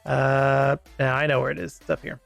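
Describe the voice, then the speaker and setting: A man's voice: medium pitch, level tone, moderate pace, gravelly, a bit bright, soft background music. A Canadian man casually chatting through a live game stream, with rambling, self-mocking asides. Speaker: gaming streamer.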